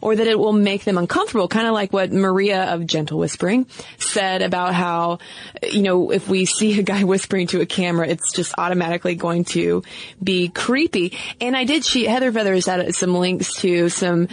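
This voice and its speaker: A woman's voice: on the low side, fairly even intonation, moderate pace, no room sound. A woman co-hosting a podcast in a casual, chatty way, with frequent fillers and laughs. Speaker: podcast co-host.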